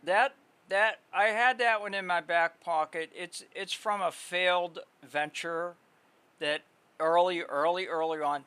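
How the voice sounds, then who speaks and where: A man's voice: high voice, fairly even intonation, measured pace, sharp tone, clear, resonant tone, no room sound. A man live-streaming, chatting casually with his viewers in a rambling way, full of fillers and restarts. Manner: rambling, filler-heavy, talks to chat.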